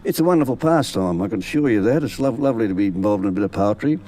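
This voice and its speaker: A man's voice: lowish voice, expressive, rapid-fire, warm tone, rough recording. A man, a bush poet telling comic yarns and reciting funny poems in a folksy, chuckling way. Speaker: bush poet and yarn teller.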